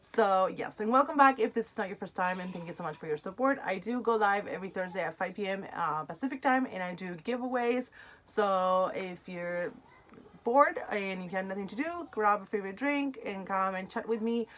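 A woman's voice: mid-range voice, normal speed, a bit bright, rough recording. Chatty woman with an accent. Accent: non-native English accent. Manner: chatty and effusive, easily moved. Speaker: unboxing channel host. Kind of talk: casual vlog chat.

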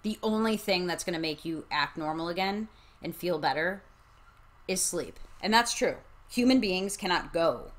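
A woman's voice: lowish voice, expressive, moderate pace. A woman co-hosting a casual book-discussion podcast, talking in a conversational way. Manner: conversational, with restarts and fillers like "like". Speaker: podcast co-host.

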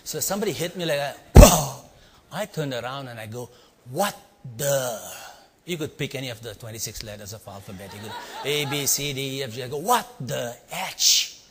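A man's voice: medium pitch, lively intonation, racing, hardly any pauses, fairly bright tone. A middle-aged man with an Indian accent tells a story to a live audience, playfully asking questions and acting out sounds. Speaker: storytelling speaker on leadership. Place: large hall before a live audience. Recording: long hall reverb.

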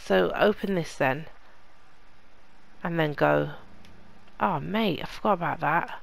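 A woman's voice: sits low, slow, gravelly. A woman hosting a let's play, chatting casually to the characters in her game as she plays. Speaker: gaming channel host.

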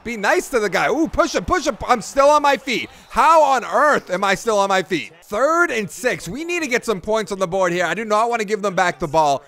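Young guy w a high voice doing lets play commentary, hypes up big plays then grumbles. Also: moderate pace, hardly any pauses. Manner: excitable, yells at the game, then grumbles. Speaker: gaming YouTuber.

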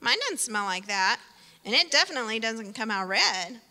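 A woman's voice: on the high side, sing-song, normal speed, sharp tone, in a large hall. A woman giving a playful children's sermon with an object lesson, speaking directly to kids by name in a church sanctuary.

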